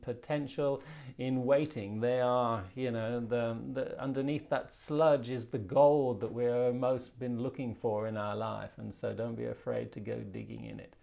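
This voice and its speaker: Brief: male spiritual healer, gravelly voice, reflective and rambling, restarts his sentences often. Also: mid-range voice, steady tone, measured pace, mellow. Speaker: tarot reader and spiritual healer. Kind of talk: spoken tarot card explanation.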